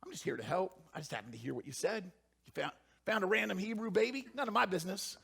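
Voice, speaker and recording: A man voicing an eager young girl who offers help with faux innocence, hesitant and quick. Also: high-pitched, expressive, creaky, fairly bright tone, breathy edge, full character voice. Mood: sly.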